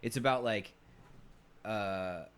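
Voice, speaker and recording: A man's voice: on the low side, slow pace, clean tone. A man co-hosting a podcast in casual chat, joking and laughing often, with many fillers. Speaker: podcast co-host.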